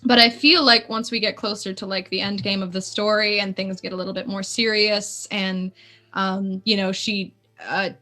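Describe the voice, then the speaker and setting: Chatty woman with a bright voice. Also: mid-range voice, normal speed. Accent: Canadian. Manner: lively, chatty, laughs often. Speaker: guest player. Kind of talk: casual chat on a live stream.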